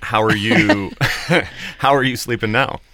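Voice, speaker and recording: A man co-hosting a talk show discussion, speaking in a measured, reflective way on a dry close mic. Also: fairly low pitch, bright, forceful tone. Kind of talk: podcast discussion.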